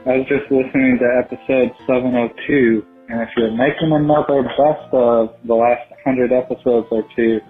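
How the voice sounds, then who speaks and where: A man's voice: mid-range voice, steady tone, normal speed, few pauses, soft background music. A man from Texas leaving a rambling, hesitant voicemail for a podcast. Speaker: caller. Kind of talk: voicemail message. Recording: tinny phone voicemail.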